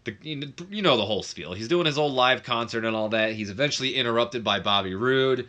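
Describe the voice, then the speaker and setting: A man's voice: mid-range voice, sharp tone. A young man casually recapping a wrestling management game, chatty, with lots of fillers and self-corrections. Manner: does quick mock voices of others. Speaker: game commentator.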